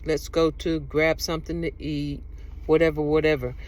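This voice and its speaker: A woman's voice: sits low, little pitch movement, normal speed, darkish tone. A woman talking casually to her own camera, giving relationship advice with rambling, repetitive, emphatic storytelling.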